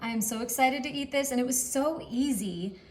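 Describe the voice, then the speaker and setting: A woman's voice: high voice, a little fast, darkish tone. A woman hosting a casual cooking demonstration in her home kitchen, chatty and enthusiastic as she talks to her partner off camera. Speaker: cooking show host.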